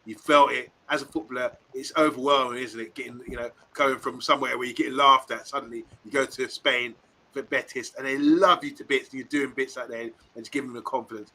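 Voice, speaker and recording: A man, co-hosting a casual live stream, animated and laughing, with lots of tag questions. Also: mid-range voice, fast, rough recording. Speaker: co-host.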